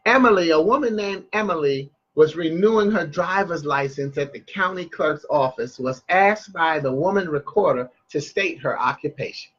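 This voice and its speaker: Husky man reading a story aloud. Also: on the high side, lively intonation, moderate pace, few pauses, a bit bright, muffled recording. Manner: chatty, loses his place and restarts.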